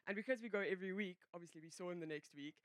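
A woman's voice: fairly low pitch, very fast, no echo. A woman giving a personal testimony to a congregation, rambling and breaking off her sentences with many fillers. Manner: rambling, self-interrupting storyteller, many fillers. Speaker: church member giving a testimony.

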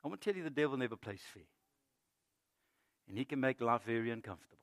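A middle-aged male pastor giving a sermon, moving between loud emphatic preaching and quiet storytelling. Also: medium pitch, expressive, quick pace. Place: church.

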